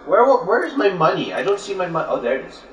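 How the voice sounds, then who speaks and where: A man's voice: high voice, sing-song, fast, distant mic, a little hiss or hum. A man co-hosting a let's play, dryly correcting and teasing his teammates. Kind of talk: casual gaming banter. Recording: roomy, off-mic.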